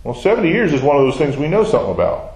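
A man's voice: fairly high pitch, wildly swooping pitch, racing, darkish tone. Guy leading a bible class, voice goes up and down a lot, keeps quizzing the room, echoey. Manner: conversational, asks the class questions. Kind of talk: Bible study lesson.

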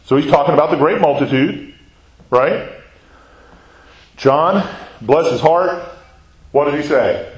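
A man's voice: fairly high pitch, takes it slowly, long pauses. A man teaching a Bible class in a conversational way, asking questions and answering them himself. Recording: very echoey room.

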